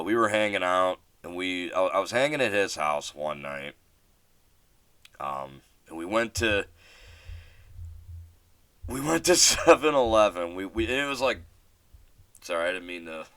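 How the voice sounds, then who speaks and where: A deep-voiced man tells a story on his solo podcast, rambling and restarting, and he swears casually. His voice is smooth and clear, recorded dry and close. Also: a bit bright, dry recording. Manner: rambling, many fillers and restarts. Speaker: podcast host.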